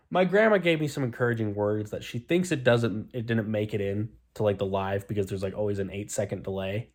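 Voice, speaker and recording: A man's voice: on the low side, a little fast, few pauses. A young man vlogging to the camera, telling a story in a rambling, self-deprecating way and swearing freely. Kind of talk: casual storytelling vlog.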